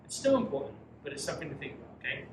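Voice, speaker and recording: A man's voice: on the high side, big pitch swings, very fast. A man teaching a youth Bible study, preaching emphatically and reading scripture dramatically. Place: church room. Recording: echoey room from far off with noise.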